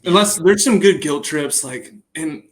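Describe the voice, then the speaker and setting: A young man, a guest on a podcast, chatting casually and telling lively stories that often trail off and restart. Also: fairly high pitch, a little slow, rough recording. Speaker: guest, bullpen catcher.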